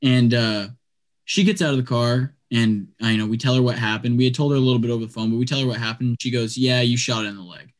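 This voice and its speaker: A young man casually telling a long story on a podcast, chatty and animated, peppering his talk with "like" and "dude". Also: mid-range voice, quick pace.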